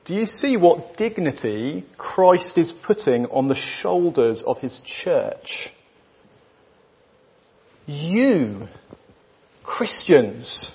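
A man with a British accent delivers a sermon at a deliberately slow pace. His voice is husky and sits a little high. The recording is dull and lo-fi, as if taken in a church. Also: sing-song. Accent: British English. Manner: emphatic, with rhetorical questions and weighty pauses. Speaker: preacher.

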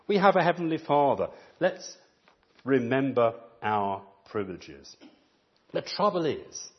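A man preaching a sermon, telling stories with animated, acted-out quotes. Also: fairly high pitch, husky, dull audio. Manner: animated storytelling, acts out quoted voices.

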